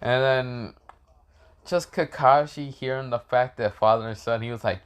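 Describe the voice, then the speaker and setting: A man tells a fan story off the cuff, in a loose, rambling way full of fillers, restarts and swearing. His voice sits at a middling pitch for a man. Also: normal speed, clean tone. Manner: rambling, with many fillers and profanity. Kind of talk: casual story retelling.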